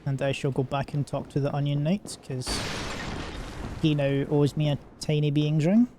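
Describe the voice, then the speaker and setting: A man's voice: on the high side, fairly even intonation, moderate pace, background noise. A man streaming a game, chatting casually and joking in a rambling way with lots of filler words. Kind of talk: casual gaming stream commentary.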